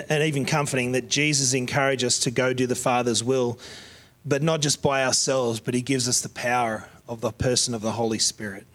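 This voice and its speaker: A man's voice: medium pitch, fairly bright tone. A middle-aged man preaching a heartfelt sermon, praying aloud and telling folksy country stories. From Australia.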